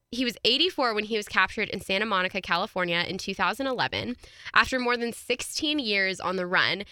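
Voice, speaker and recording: A woman talks through a true-crime case in a casual, chatty way and laughs often. Her voice is bright and forward. The sound is dry and close, with no room around it. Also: a little high, no room sound. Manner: chatty, laughs often, reads quotes aloud. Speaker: podcast co-host.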